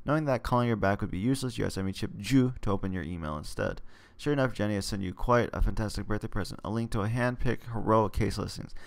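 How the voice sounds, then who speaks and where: Gravelly man reading a game aloud. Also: on the low side, fast talker, few pauses. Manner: casual, self-correcting, joking asides.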